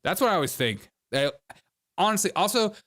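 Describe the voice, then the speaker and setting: A man's voice: high voice, very animated, a little fast, sharp tone. A man hosting a casual reaction commentary, mocking the clips he watches and laughing often as he talks. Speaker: host.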